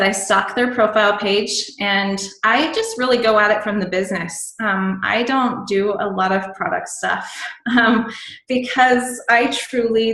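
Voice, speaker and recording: Bubbly and chatty, a woman offers casual sales tips as a guest speaker on a team call, sprinkling in plenty of ums and likes. Her voice is mid-range with a fairly bright tone, and the room sounds echoey.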